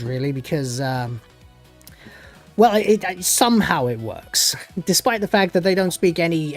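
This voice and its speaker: A man giving a casual spoken recap of a TV episode as a reviewer, sarcastic and dismissive, rambling with many fillers. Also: fairly high pitch. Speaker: show reviewer.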